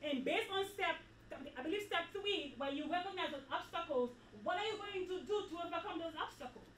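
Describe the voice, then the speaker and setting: Animated woman speaking in an echoey hall. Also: very high-pitched, fairly quick, distant mic, slight background noise. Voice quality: animated, preachy, repeats herself for emphasis. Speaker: retreat speaker. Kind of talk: motivational talk to a women's group. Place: event hall.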